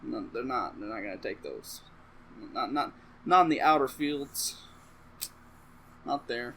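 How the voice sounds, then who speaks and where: A man's voice: mid-range voice, expressive, a little slow, a bit bright, slight background noise, rough recording. A man casually rambling through a comedic movie recap to camera, swearing freely and interrupting himself with asides. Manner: profane, offhand and rambling, with self-interrupting asides. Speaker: comedic vlogger.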